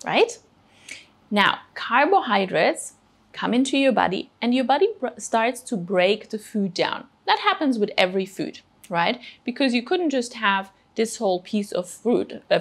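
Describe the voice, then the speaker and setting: A woman with a creaky, mid-range voice presents a children's cooking show. She explains food patiently and encourages the kids step by step, teaching them about food.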